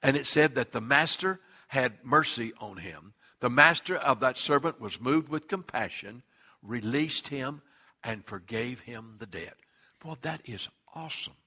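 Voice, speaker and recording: A middle-aged man, a pastor, preaching a sermon in an animated way that swings from loud to hushed. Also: medium pitch, measured pace, slightly rough.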